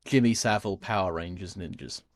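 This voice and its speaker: A man's voice: low voice, brisk, no echo, studio quality. A man talking casually and at length about a film on a podcast, rambling with many fillers and restarts. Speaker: podcast co-host.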